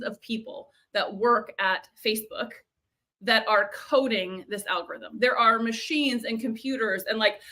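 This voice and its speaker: Upbeat bright-voiced woman coach. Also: on the high side. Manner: chatty, upbeat, repeats words and restarts often. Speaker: video and growth coach. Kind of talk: live online training.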